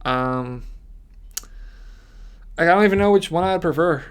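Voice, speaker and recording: A man's voice: a little high, animated, measured pace, clean tone. A man giving casual, rambling commentary on his fantasy football mock draft, ranting with frequent restarts.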